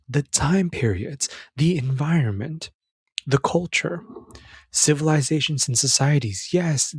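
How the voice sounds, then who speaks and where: With a mid-range voice and a breathy edge, this young man gives a rambling, casual film talk for a male audience as a men's self-help commentator, addressing the listener as "brother." The recording is studio quality with no room sound.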